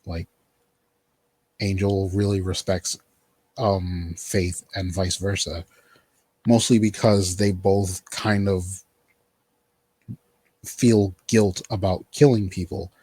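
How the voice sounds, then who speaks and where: Podcast host, male, low husky voice, rambling and filler-heavy, dry close mic. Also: fairly even intonation, takes it slowly, long pauses, a little mellow, no room sound. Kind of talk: casual chat recapping a TV show.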